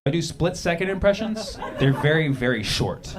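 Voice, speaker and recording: High-voiced man ranting on a noisy stage. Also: sing-song, moderate pace, a loud crowd. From United States. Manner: brash, mock-outraged ranting. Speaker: stand-up comedian. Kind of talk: stand-up set with crowd work. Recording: loud background noise.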